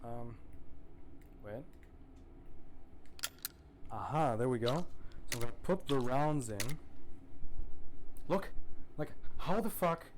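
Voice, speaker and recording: A relaxed young man chatting through a shooter game stream, cursing casually and chuckling at what he sees. His voice sits at an ordinary pitch, with clear noise running behind him throughout. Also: slow, pauses often. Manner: laid-back, swears a lot, laughs often. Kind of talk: casual gameplay commentary.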